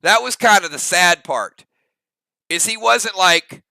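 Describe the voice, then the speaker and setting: High, gravelly-voiced man chatting on stream. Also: lively intonation, takes it slowly, pushed and bright, dry recording. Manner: rambling, thinks aloud with restarts, talks straight to chat. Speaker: live-stream host reacting to a TV episode. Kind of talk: live-stream reaction chat.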